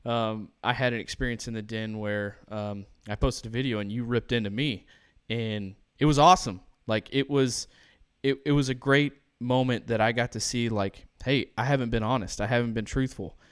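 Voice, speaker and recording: A man hosting a podcast in casual conversation, relaxed and halting, with many fillers. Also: mid-range voice, clear, resonant tone, no room sound, studio quality. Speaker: podcast host.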